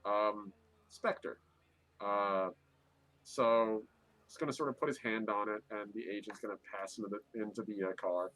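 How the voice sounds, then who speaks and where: A man's voice: fairly low pitch, fairly even intonation, normal speed, a bit bright, no echo, rough recording. A man playing a tabletop game, narrating his character's actions with many hesitations. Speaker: player.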